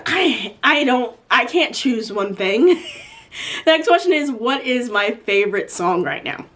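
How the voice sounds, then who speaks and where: Fielding viewer questions, this twenty-something woman rambles chattily, leaning heavily on "like" and "um." Her pitch is fairly high and her tone fairly bright.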